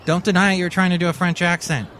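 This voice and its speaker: A man's voice: high voice, little pitch movement, quick pace, fairly bright tone, slight background noise. A man hosting a comedic podcast, rambling in a playful, wry way. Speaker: podcast host.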